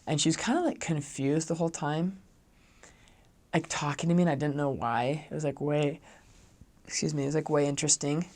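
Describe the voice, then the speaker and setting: Brisk and slightly high, with a darkish tone, a young man recounts something from his missionary past. It's a chatty telling, full of fillers, and he raises his volume when quoting himself being kind.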